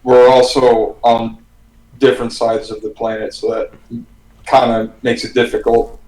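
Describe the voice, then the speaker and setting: A man, a band's bassist and composer, chatting relaxed and enthusiastic in a casual Q&A. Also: measured pace. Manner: relaxed, enthusiastic, loose swearing. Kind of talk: casual Q&A chat. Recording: roomy echo.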